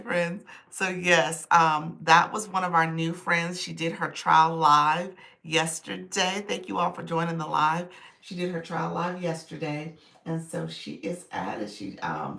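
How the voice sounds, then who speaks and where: A woman's voice: on the low side, creaky, fairly bright tone, echoey room, recorded from a distance. A woman coaching viewers on a casual livestream, upbeat and chatty, greeting people by name.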